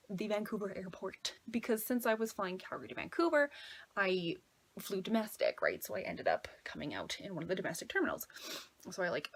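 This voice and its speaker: Young woman, twenties, breathy, chatty casual storytelling, lots of "like". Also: mid-range voice. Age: 20s. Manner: chatty, fills talk with "like", anxious retelling. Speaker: travel vlogger.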